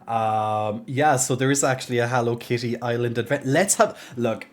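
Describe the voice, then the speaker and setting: A man's voice: medium pitch, moderate pace. A young man live-streaming at his gaming desk, chatting casually with viewers. He rambles and often restarts his sentences. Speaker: game streamer.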